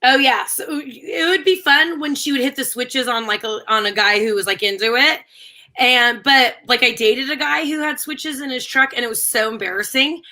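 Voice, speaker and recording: Female co-host, bright and a touch high, chatty and giggly. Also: moderate pace. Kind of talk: casual chat.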